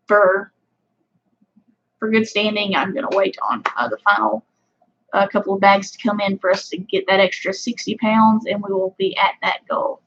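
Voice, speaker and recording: A woman's voice: mid-range voice, a bit bright, highs cut off. A woman with a Southern US country accent hosting a casual livestream, chatting with viewers in a rambling way full of fillers. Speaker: fishing channel host.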